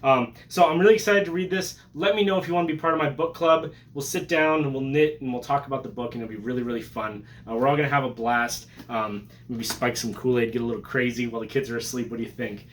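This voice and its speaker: A man hosting a casual vlog, excitable and joking, with profanity and sudden loud bursts. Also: mid-range voice, fast, few pauses. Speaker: collector vlogger.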